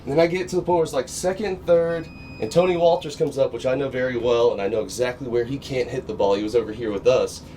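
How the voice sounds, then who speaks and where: A man, a guest in a casual chat, telling a story animatedly, swearing and getting loud at the punchlines. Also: medium pitch, quick pace. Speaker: guest, pitcher. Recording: far from mic with faint noise.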